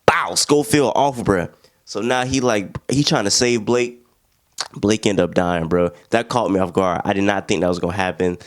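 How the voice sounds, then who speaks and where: Young man, casual film recap, slangy, lowish voice. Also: normal speed. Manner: slangy, animated retelling with acted-out quotes. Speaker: film reviewer.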